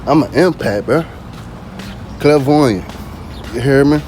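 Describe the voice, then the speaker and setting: A man's voice: medium pitch, slow, a little mellow, soft background music. A man vlogging in a casual spoken monologue, slangy and constantly asking "you hear me".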